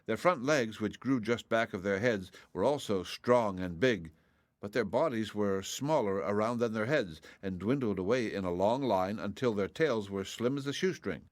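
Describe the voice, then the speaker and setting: A man reading a classic children's novel aloud as audiobook narrator, in a steady, plain way. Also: lowish voice, normal speed, no room sound.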